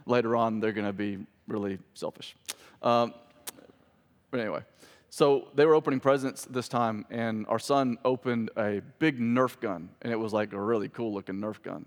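A man's voice: on the low side, normal speed. Male pastor, 30s, chatty sermon delivery that swells on key points, reverberant hall. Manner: conversational preaching, rising for emphasis.

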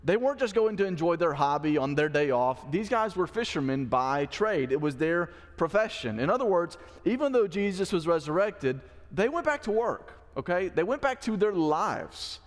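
A man's voice: high voice, lively intonation, normal speed, hardly any pauses. A pastor giving a conversational sermon in church, acting out the quoted lines of the story he is teaching. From Mississippi. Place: church sanctuary. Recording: long church hall reverb.

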